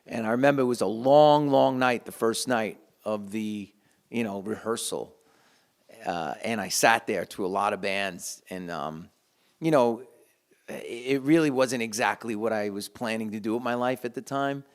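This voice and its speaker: A middle-aged man telling a heartfelt story in a casual, halting way, with frequent restarts. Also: lowish voice. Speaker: guitarist sharing a memory.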